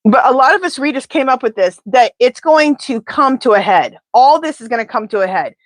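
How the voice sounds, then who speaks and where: A woman doing a live pendulum reading, talking in an animated, indignant, chatty way. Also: high-pitched, fairly quick, no room sound. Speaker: tarot reader.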